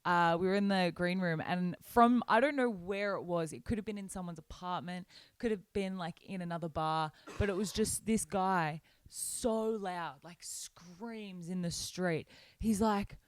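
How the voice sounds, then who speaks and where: A woman's voice: fairly low pitch, unhurried, few pauses, clean tone, dry recording. A young woman co-hosting a casual podcast, telling stories in a bubbly way with plenty of likes and ums, talking from a small hotel room. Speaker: podcast co-host. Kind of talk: casual chat.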